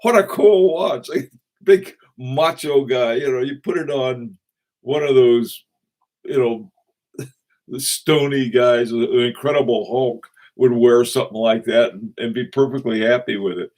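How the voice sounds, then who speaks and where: A man's voice: mid-range voice, steady tone, darkish tone. Rambling, chuckling man hosting a livestream. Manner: rambling, chuckling, halting with many fillers. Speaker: watch channel host. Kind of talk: casual livestream chat with viewers.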